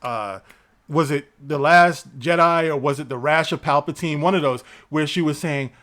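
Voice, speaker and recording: A man giving ranting, profane commentary, sarcastic and quick to laugh. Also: on the high side, fairly bright tone. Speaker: entertainment news vlogger.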